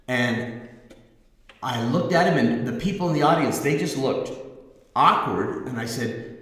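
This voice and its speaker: Middle-aged male musician-host, rambling storyteller, mid pitch, heard in a very echoey room with a long reverb tail. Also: animated, unhurried. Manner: rambling, self-correcting anecdote with acted quotes. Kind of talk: casual storytelling to camera.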